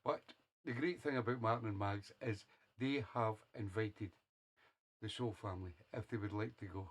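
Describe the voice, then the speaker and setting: A man's voice: lowish voice, moderate pace, breathy edge. A man hosting a radio show, chatting casually between songs in a jokey, teasing way and chuckling often. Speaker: radio DJ host.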